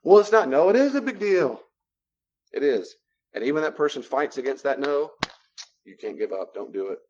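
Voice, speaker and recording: A man teaching a class on boundaries, lecturing and acting out both sides of short dialogues in an animated way. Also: on the high side, moderate pace, highs cut off. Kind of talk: classroom lecture with role-play examples.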